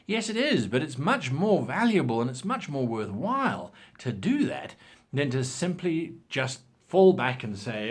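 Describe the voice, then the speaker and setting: A man's voice: mid-range voice, a little slow, slightly rough. A man giving game-master tips in a casual, opinionated talk, acting out examples as he goes. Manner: animated, opinionated, acts out examples.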